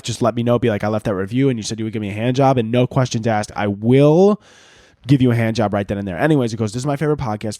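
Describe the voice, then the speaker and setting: A man's voice: fairly low pitch, mellow, dry recording, clean studio sound. A young man from the Chicago area hosting his own podcast, ranting crudely and jokingly with lots of fillers. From Chicago area, United States. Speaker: podcast host. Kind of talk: casual solo podcast rant.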